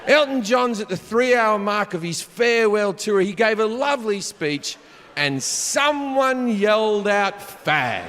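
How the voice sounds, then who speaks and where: A man with an Australian accent doing stand-up, telling a crude story and jumping into shouted punchlines. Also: high voice, expressive, unhurried, a little hiss or hum. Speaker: stand-up comedian. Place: large concert venue on stage. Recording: live hall reverb with faint crowd ambience.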